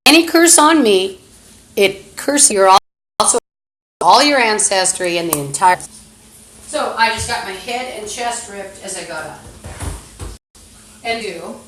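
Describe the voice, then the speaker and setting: A woman's voice: mid-range voice, animated, unhurried, long pauses, noisy background. Agitated, profane woman streaming from a roomy space. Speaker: live streamer. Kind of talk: live-streamed monologue. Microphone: phone streaming app.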